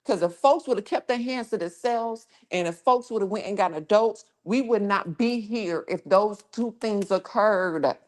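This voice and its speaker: A woman's voice: mid-range voice, unhurried, hardly any pauses. Profane woman ranting on a livestream. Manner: profane, confrontational, scolding chat trolls. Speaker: livestream host. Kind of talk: casual livestream rant.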